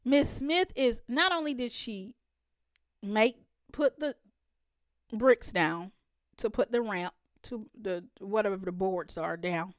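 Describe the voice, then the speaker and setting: A woman's voice: mid-range voice, takes it slowly, no echo, clean studio sound. Emphatic woman hosting a reaction video. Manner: emphatic, talks straight to the viewers, laughs often. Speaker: reaction channel host. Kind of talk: reaction commentary.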